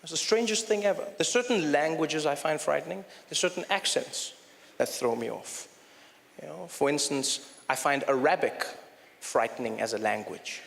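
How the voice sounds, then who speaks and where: A man with a South African accent performing chatty, animated stand-up comedy on a live stage. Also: on the high side, normal speed, vocal fry. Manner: chatty, animated, slips into impressions. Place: live comedy venue, large hall. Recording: echoey hall, loud audience noise.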